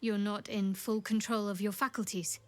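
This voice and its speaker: A woman's voice: medium pitch, fairly even intonation, moderate pace, a little mellow, dry recording, close to an everyday voice. Shadowheart, a woman playing a guarded cleric. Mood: cool. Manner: cool, reserved, dry. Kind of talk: video game voice acting.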